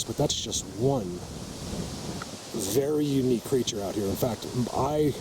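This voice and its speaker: Insistent man filming outdoors in a forest. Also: medium pitch. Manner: insistent, emphatic, talks straight to viewers. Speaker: vlogger, Bigfoot field researcher. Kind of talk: walk-and-talk field vlog. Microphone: camera mic while filming. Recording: outdoor ambience, noisy, faint vehicle.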